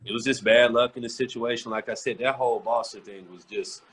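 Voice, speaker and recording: A man in a casual sports podcast interview tells locker-room stories with blunt, profane candor. His delivery is animated and loose, with quick shifts as he relives the moments. His voice sits at an ordinary middle pitch. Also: husky, rough recording. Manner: candid, profane, animated retelling. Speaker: podcast guest, former pro basketball player. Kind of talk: casual storytelling.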